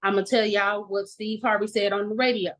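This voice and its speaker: A woman's voice: medium pitch, little pitch movement, brisk, low-quality recording. A woman giving a candid testimony in an online meeting, blunt and profane, laughing often. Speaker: meeting participant. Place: video call at home. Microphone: video call.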